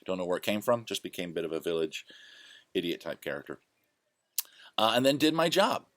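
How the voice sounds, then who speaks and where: A man's voice: deep voice, very animated, brisk, a bit bright, no room sound. A man hosting his own show, casually telling rambling, self-correcting stories from his past. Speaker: host. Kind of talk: casual storytelling monologue.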